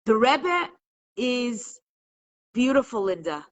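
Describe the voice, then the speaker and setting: Woman teacher, somewhat high voice, impassioned and emotional, stumbles when moved; live class on a computer mic. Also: big pitch swings, slow pace, poor audio. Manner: impassioned, rising to emphatic peaks. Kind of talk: live online class talk.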